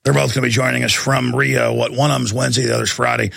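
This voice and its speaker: A male talk show host with a deeply gravelly, bright, forceful voice, ranting with heated, repetitive emphasis. The sound is close and dry. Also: flat delivery, quick pace, no room sound. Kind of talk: ranting political commentary.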